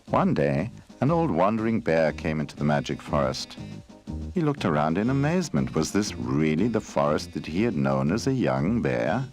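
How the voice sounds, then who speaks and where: Deep-voiced man narrating a storybook. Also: sing-song, normal speed, darkish tone. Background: faint music.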